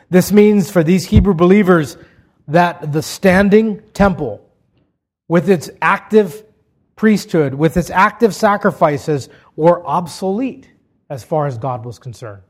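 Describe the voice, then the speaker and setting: Male pastor, fairly high voice, passionate sermon delivery with wide swings in loudness. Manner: impassioned, swells to high emphatic peaks then drops low and quiet.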